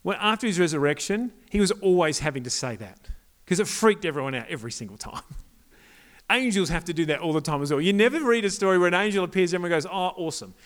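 A man's voice: sits high, lively intonation, fast, fairly bright tone. A young man giving a casual, joking sermon to a youth group, often asking the crowd questions.

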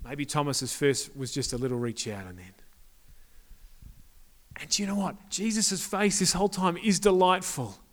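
A man's voice: on the high side, normal speed. A young man giving a casual, joking sermon to a youth group, often asking the crowd questions.

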